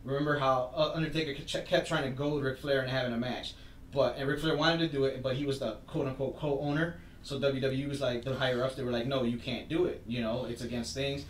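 A man co-hosting a casual podcast, retelling a story with animated energy and acting out the lines he quotes. His voice sits in a roomy space, a little away from the mic. Faint ambience hums behind him. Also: medium pitch, quick pace, recorded from a distance, slight background noise. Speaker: podcast co-host. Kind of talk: casual wrestling chat.

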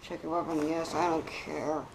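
A woman giving let's play commentary on a game, swinging between loud excited outbursts and quiet muttering to herself. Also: sits low, moderate pace, gravelly, noisy background. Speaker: gaming channel host.

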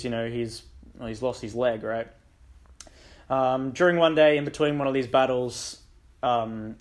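A young man hosting a book channel, casually recapping a story in a rambling way full of ums and likes. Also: medium pitch. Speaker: book discussion channel host.

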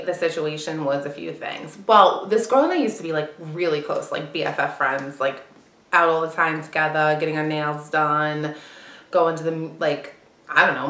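A woman's voice: low-pitched, fairly bright tone. A young woman improvising as a brash, gossipy party girl, chattering with constant fillers in an echoey room. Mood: chatty. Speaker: actor auditioning. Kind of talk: improvised character monologue. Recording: roomy echo.

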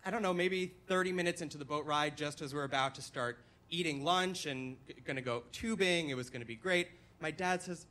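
A man's voice: on the high side, fairly quick, few pauses. A young man telling a funny personal story on stage at a live storytelling night. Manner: comic, animated retelling. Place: stage at a dance venue.

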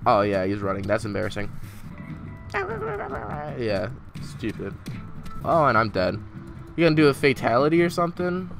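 A man doing casual let's-play commentary, excitable and trash-talking, swearing at the game as he plays. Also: medium pitch, moderate pace, gravelly, long pauses, music in the background. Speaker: gameplay commentator.

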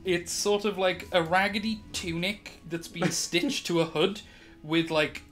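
A man with a British accent narrating as dungeon master, quick and animated, laughing often. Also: high voice. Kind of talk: narrating a tabletop game.

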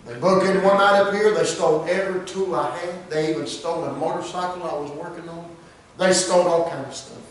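A man preaching a sermon as pastor, swinging between loud high cries and low hushed asides. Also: fairly even intonation, a little fast. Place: church. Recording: echoey church room miked from far off.

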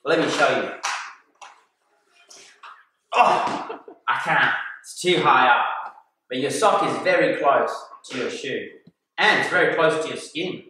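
An animated man tells a story to little children, his pitch swooping up and down as he acts out the voices. He sits back from the mic in a very echoey room. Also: measured pace, pauses often, recorded from a distance, a little hiss or hum. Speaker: kindergarten teacher.

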